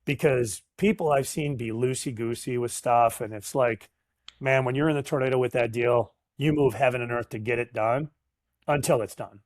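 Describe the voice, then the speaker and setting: A man's voice: medium pitch, normal speed, no echo, studio quality. A middle-aged man, a sales professional guest, telling stories casually and acting out the dialogue. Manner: animated storyteller, acts out dialogue, casual slang. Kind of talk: casual storytelling interview.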